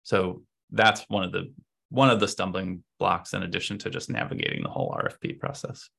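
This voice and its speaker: A man's voice: sits low, fairly even intonation, fairly quick, gravelly, fairly bright tone, husky. A man, a podcast guest, giving long, explanatory answers in a casual interview and thinking aloud as he goes. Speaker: podcast guest, agency co-owner.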